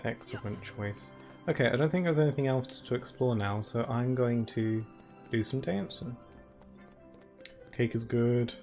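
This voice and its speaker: A man's voice: mid-range voice, a little slow, long pauses, a little mellow. A man giving casual let's-play commentary while streaming a game, chatty and rambling, laughing often and filling his talk with "like". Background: faint game music.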